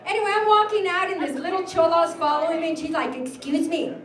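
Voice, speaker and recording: Brash high-voiced New woman doing stand-up. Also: quick pace, a bit bright. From New Mexico, USA. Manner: brash, profane storytelling with acted-out voices. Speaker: stand-up comic. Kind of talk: stand-up comedy set. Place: bar stage with a live audience. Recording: roomy club sound from far off, crowd noise.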